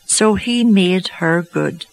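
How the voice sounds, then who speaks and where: A woman telling a personal faith story to an audience, slow and reflective with gentle humour. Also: on the low side, creaky, poor audio. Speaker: speaker giving a faith testimony.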